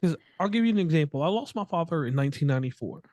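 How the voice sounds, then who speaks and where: A man's voice: a little high, animated, rapid-fire, darkish tone, no echo. A man in his thirties interviewing a guest, chatty and joking, with long rambling questions. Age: 30s. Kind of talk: casual interview.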